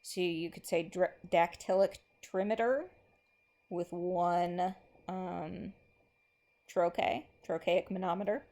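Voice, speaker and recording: Slow, low, gravelly-voiced woman teacher. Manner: relaxed, thinking aloud with frequent ums, slows right down to read verse. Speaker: English teacher. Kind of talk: recorded classroom lesson.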